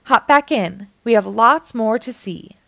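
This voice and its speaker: A woman's voice: a little high, a little slow, vocal fry, dry recording. A woman voicing a kindly, cheerful old Santa who explains things with a smile. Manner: warm, smiling, gently explaining.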